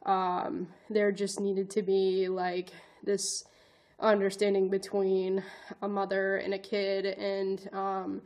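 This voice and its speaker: A woman's voice: mid-range voice, monotone, takes it slowly, darkish tone. A woman vlogger telling a personal story in an earnest, rambling way, full of "like" fillers and restarts. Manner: earnest, emotional, self-conscious. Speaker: vlogger, advocate and educator.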